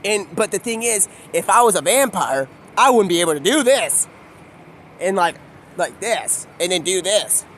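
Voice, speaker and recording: A man's voice: high voice, lively intonation, normal speed, a bit bright, a little hiss or hum. A man live-streaming outdoors on his phone, talking in a rambling, free-associating monologue that jumps from topic to topic. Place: outdoors on a city street.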